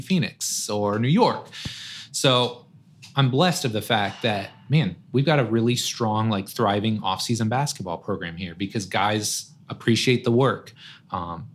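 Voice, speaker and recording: A man's voice: mid-range voice, fairly bright tone. A man, a guest on a podcast, talking in a casual, conversational way and often tossing in "man" and "right?". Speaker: guest, strength coach.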